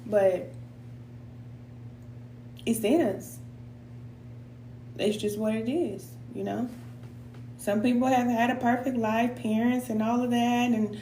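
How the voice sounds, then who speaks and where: Middle-aged woman, spiritual coach, earnest and preachy with casual slang, slightly high voice, roomy echo. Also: darkish tone, slight background noise. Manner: heartfelt, preacherly, slips into casual Black American slang; sometimes emotional and sighing. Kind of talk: live tarot reading and motivational talk.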